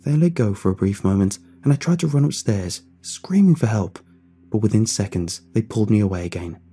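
A man narrating a first-person horror story in a steady, dramatic way. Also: fairly low pitch, brisk, slightly rough.

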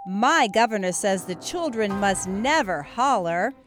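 A woman's voice: mid-range voice, animated, a little slow, faint music behind, close to an everyday voice. A woman voicing Alice, a prim, polite young girl who speaks in a proper, earnest way.

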